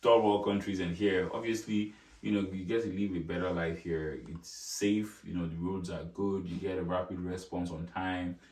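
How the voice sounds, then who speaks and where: Deep-voiced man, distant and echoey. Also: flat delivery, moderate pace, a little mellow. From Nigeria. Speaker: co-host. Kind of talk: casual chat.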